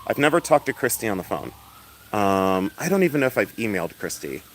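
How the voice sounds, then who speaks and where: Loud, flamboyant man chatting on a livestream. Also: lowish voice, very animated, fairly quick, slight background noise. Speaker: livestream host selling and showing jewelry. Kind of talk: casual livestream chat. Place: outdoors in the sun.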